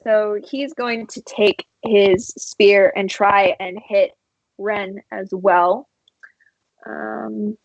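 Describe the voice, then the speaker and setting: A woman narrating a tabletop game as game master, unhurried and halting, with many fillers. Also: mid-range voice, steady tone, gravelly, no room sound, poor audio.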